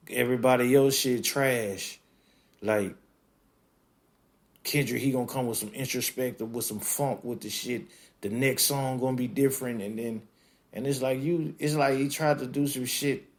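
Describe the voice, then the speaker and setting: Profane, ranting man. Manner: profane, animated, breaks into high-pitched incredulous outbursts. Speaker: podcast host. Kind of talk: casual rant.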